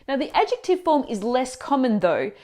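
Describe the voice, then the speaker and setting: A woman teaching Italian pronunciation in a scripted video lesson, explaining words clearly and asking the viewer questions. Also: sits high, big pitch swings, normal speed, darkish tone.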